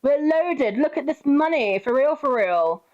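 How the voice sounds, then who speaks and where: A woman's voice: sits high, expressive, a little slow, a little mellow. Giggly sweary woman, lo-fi. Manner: giggly, sweary, breaks into singing and silly voices. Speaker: gaming streamer. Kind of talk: casual gameplay chat. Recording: dull lo-fi sound.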